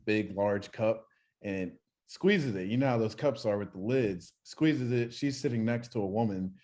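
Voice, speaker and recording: A man's voice: fairly low pitch, a little slow. Young man telling stories casually. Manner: animated storyteller, swears freely. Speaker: podcast co-host. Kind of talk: casual chat.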